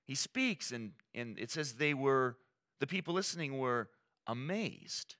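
Male pastor, sermon, conversational and animated, swinging pitch, bright voice. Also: unhurried. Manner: animated, conversational preaching with quoted asides.

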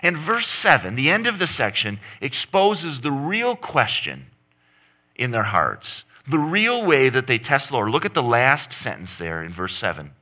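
A man's voice: mid-range voice, wildly swooping pitch, measured pace, bright, forceful tone. A middle-aged man preaching a sermon, emphatic, pushing his voice up and down to stress points. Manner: emphatic, rising and falling for stress. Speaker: pastor.

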